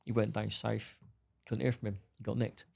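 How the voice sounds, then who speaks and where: A man's voice: on the low side, level tone, normal speed, creaky, darkish tone. A middle-aged man, bluntly telling his story as a podcast guest and acting out the dialogue. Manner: blunt, swearing, acts out dialogue. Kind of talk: storytelling interview.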